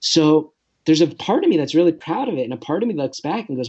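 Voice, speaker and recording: A man's voice: fairly high pitch, big pitch swings, fast talker, dark tone, breathy edge, dull audio. A man in his late thirties, a comedian guest telling a story in a rambling, nervous, self-deprecating way. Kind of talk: casual podcast storytelling.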